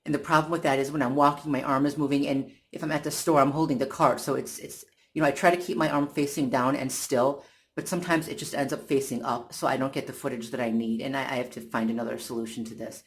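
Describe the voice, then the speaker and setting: Vlogger, casual personal retelling; halting, repetitive, irritated delivery at a middling pitch. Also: fairly even intonation, a little hiss or hum. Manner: halting, many restarts and repeated words. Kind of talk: casual first-person account.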